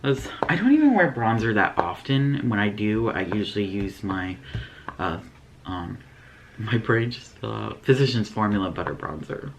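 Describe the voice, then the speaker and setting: An easygoing woman hosting a beauty unboxing video. Her voice sits remarkably low and swings up and down with lively intonation. She keeps things chatty and unhurried. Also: creaky, noisy background. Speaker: beauty vlogger host. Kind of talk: casual unboxing chat.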